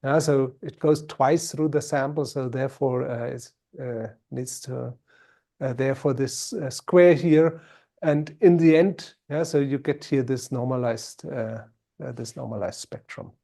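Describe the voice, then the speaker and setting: A man's voice: medium pitch, a little slow, creaky, mellow. A man with a German accent answering questions after a science talk on a video call, hesitant, with many fillers and "right?" tags. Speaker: invited speaker.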